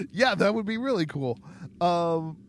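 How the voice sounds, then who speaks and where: Laid-back young man, slightly high. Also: animated, a little slow, a little hiss or hum. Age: young adult. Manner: rambling, many ums, laid-back joking. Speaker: podcast co-host. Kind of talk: casual chat.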